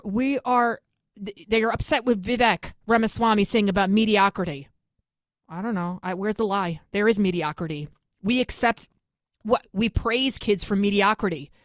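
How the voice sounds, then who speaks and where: A woman hosting an opinionated commentary show, talking emphatically and repeating her points, her pitch rising when she gets heated. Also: no echo, studio quality. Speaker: talk show host.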